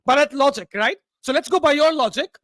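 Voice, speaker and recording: A panelist man arguing loudly and quickly in a casual football debate. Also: extremely high pitch, dry recording, studio quality. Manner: fast, loud, argumentative.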